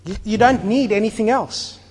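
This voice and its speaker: A man preaching a sermon as pastor, animated, acting out little scenes and swinging between quiet and loud. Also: high voice, normal speed, breathy edge, big-room sound. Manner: animated, acts out little scenes with shifting volume.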